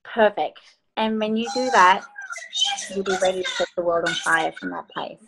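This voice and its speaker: A woman's voice: on the low side, normal speed, gravelly, heavy background noise. A woman life coach leading a group video call from her phone, giving upbeat, playful instructions.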